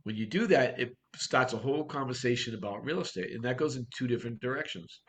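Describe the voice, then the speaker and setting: Guy running a real estate workshop, talks quick, blunt, keeps asking the room stuff. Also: medium pitch, a bit bright, slight background noise. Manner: brisk, blunt, full of rhetorical questions. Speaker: real estate sales coach. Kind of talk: workshop talk to agents.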